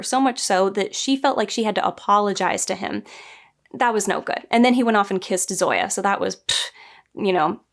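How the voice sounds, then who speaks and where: A woman giving a casual spoken review, chatty and animated, often acting out quoted lines with small laughs. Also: mid-range voice. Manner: frequent restarts and small laughs. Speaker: book and TV reviewer.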